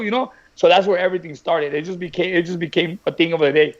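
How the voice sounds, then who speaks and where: A man who trains boxers, telling stories in a lively way in a casual chat, often restarting his sentences. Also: sits high, quick pace, muffled recording. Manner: animated, tells stories with repeats and restarts. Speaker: boxing trainer.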